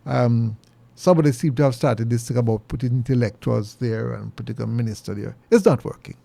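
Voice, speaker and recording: A middle-aged Jamaican man delivers an earnest, preachy opinion monologue in a gravelly voice. He sits at an ordinary middle pitch but leaps much higher whenever he hammers a point home. The sound is dry and close. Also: steady tone, fairly quick, mellow, dry recording. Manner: earnest and preachy, pitch jumps high for emphasis. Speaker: commentary show host.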